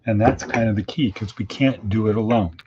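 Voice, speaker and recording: A man with a fairly low, mellow voice hosts his daily podcast at a fairly quick clip, chatting folksily in plain-spoken idioms. The sound is dull and lo-fi with a faint hiss.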